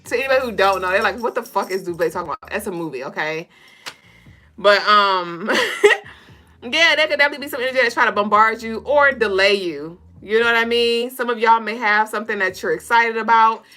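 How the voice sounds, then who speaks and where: A woman hosting a casual spiritual reading livestream, talking straight to viewers in a loose, profane, animated way. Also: on the high side, a little fast, faint music behind. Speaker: spiritual reader and co-host.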